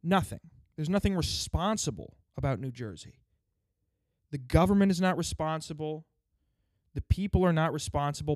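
A man's voice: a little high, no echo, clean studio sound. A man delivering an angry, sarcastic rant full of swearing. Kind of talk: ranting stand-up style monologue. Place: lives in the state he complains about.

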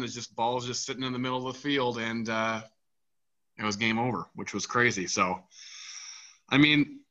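Bright-voiced rambling sports podcast host. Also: male voice, medium pitch, highs cut off. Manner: rambling, filler-heavy, animated. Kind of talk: casual sports talk.

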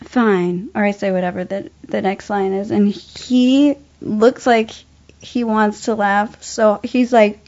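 A young adult woman, an actor, telling an animated story in casual chat, laughing often and using many fillers. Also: medium pitch, unhurried. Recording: dull lo-fi sound.

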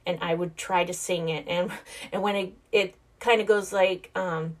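A woman's voice: lowish voice, fairly even intonation, moderate pace. A woman in her thirties hosting a podcast, talking about her faith in an earnest, heartfelt way and speaking straight to her listeners. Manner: conversational, with frequent "like" and restarts. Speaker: podcast host. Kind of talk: casual faith-based talk.

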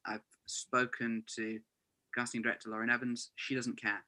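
A man's voice: medium pitch, completely flat delivery, normal speed, sharp tone. A man in his twenties, an actor, chatting as a podcast guest in an earnest way, often saying "you know". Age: 20s. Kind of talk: casual chat. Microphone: remote call.

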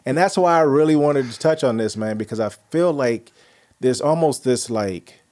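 A man hosting a casual podcast chat, loose and profane as he tells stories. His voice sits at an ordinary pitch for a man, and he jumps into animated re-enactments of conversations before settling back into plain talk. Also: normal speed. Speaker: podcast host.

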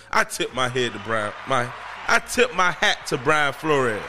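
A man hosting his own podcast, talking casually in an excitable, slangy, emphatic way. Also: medium pitch, measured pace. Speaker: podcast host. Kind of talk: casual solo podcast commentary.

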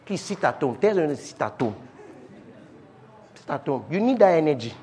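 A man preaching a sermon, reading scripture slowly, repeating key phrases and jumping from quiet asides to shouted declarations. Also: fairly high pitch, big pitch swings.

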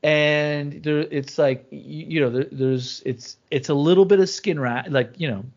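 A man's voice: on the high side, unhurried. A man in his thirties, a father co-hosting a podcast, talking casually with lots of stops, restarts and fillers. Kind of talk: casual chat. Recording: slightly muffled recording.

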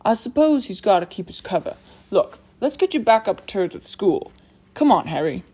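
A woman voicing a big, gruff, half-giant groundskeeper who talks loudly in a rough rustic dialect. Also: medium pitch, sing-song, normal speed. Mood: reassuring.

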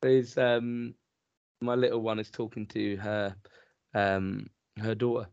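A man's voice: flat delivery, slow, darkish tone, smooth, no room sound. A man, co-hosting a podcast and telling sweary stories in casual chat. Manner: sweary storyteller, mimics others in high voices. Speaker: podcast co-host. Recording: dry muffled podcast mic.

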